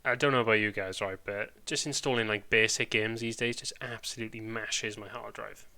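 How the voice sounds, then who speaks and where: A man's voice: fairly low pitch, fairly even intonation, a little fast, sharp tone. A man with a Welsh accent, chatting casually and rambling on a live stream, full of British slang.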